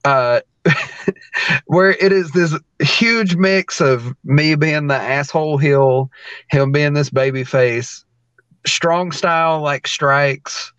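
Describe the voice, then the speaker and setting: A man, a pro wrestler guest, telling a story in a loose, animated way, laughing often and acting out the lines of the people in it. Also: fairly high pitch, slow pace, clean tone, no room sound, muffled recording. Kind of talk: casual storytelling.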